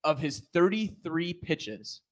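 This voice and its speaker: A man's voice: on the high side, big pitch swings, slow pace. A man hosting a casual sports podcast, making his points at length and with emphasis. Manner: talkative, emphatic, lays out numbered points.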